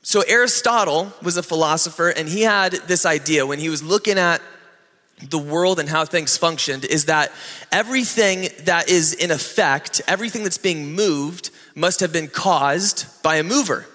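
A man's voice: fairly high pitch, normal speed, bright, forceful tone, big-room sound. A man preaching a sermon as a pastor, telling a story and acting out what people said. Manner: storytelling, acting out quoted dialogue.

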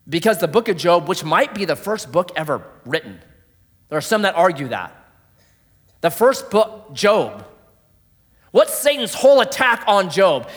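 A man preaching a sermon, telling a story dramatically, dropping to a hush and rising loud. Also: fairly high pitch. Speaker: pastor. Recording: long hall reverb.

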